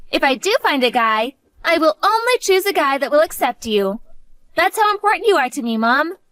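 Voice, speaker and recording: A woman's voice: extremely high pitch, a bit bright, no room sound, clean studio sound, exaggerated voice. A woman voicing an earnest, devoted college-age daughter who talks to her mother. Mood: affectionate. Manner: earnest, pleading.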